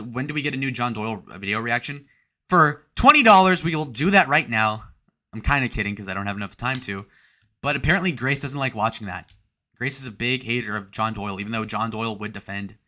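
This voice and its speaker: Young man with a bright tense voice. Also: on the low side. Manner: crude, joking, rambling while reading out chat. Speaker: livestream host. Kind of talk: casual livestream chat.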